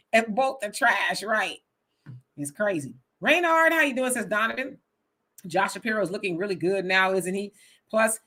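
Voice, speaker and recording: A woman hosts a casual live stream, reading viewer comments aloud one after another. Her voice is bright and forward, and her delivery is animated, with frequent laughter. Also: medium pitch. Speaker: host reading live chat.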